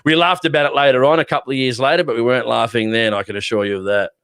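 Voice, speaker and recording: An Australian man hosting a podcast, chatting casually and telling a rambling, animated army story. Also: mid-range voice, very fast, smooth, no echo, studio quality. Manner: rambling, animated storyteller who acts out shouting. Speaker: podcast co-host.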